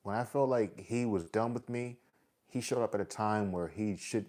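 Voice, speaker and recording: A man's voice: on the low side, normal speed, a little mellow. A man talking earnestly to his followers about his faith, casual and repetitive, with heavy sighs. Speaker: vlogger sharing faith testimony. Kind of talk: heartfelt personal talk to followers.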